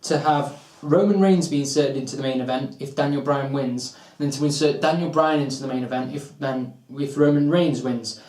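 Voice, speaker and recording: A man's voice: fairly high pitch, a little mellow, reverberant, far from the mic, low-quality recording. A man co-hosting a wrestling predictions show, debating casually and hammering his points home through repetition. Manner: argumentative, builds points with repetition. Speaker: co-host of a wrestling predictions channel.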